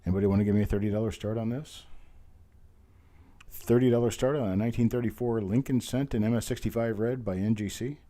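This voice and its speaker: A hoarse man, his voice still recovering, hosting a live online coin auction in a folksy, chatty way and calling out bids over and over. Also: fairly low pitch, steady tone, quick pace, dark tone. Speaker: auctioneer host.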